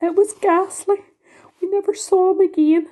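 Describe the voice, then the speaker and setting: A woman's voice: very high-pitched, steady tone, moderate pace, warm tone, pitched above the performer's own voice. A woman voicing a sad, dignified lady spider who speaks in sighs. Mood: mournful. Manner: sighing, mournful.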